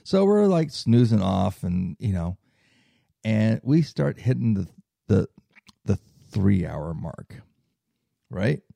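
Gravelly-voiced man telling a story. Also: lowish voice, big pitch swings, takes it slowly, long pauses, mellow, dry recording. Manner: rambling, many fillers and "right?" tags. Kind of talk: casual anecdote.

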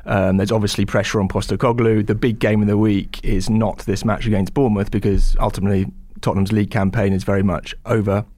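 A man's voice: fairly low pitch, level tone, fast talker, hardly any pauses, darkish tone, no echo. A man reporting on a football match in a podcast chat, thoughtful and a bit hesitant. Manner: thoughtful, hesitant, many restarts. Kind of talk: casual podcast discussion.

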